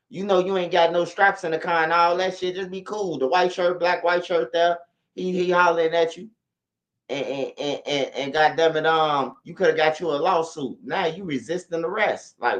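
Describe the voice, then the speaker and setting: A man's voice: a little high, moderate pace, a bit bright. Slangy man giving casual reaction commentary. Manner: slangy, conversational, loose.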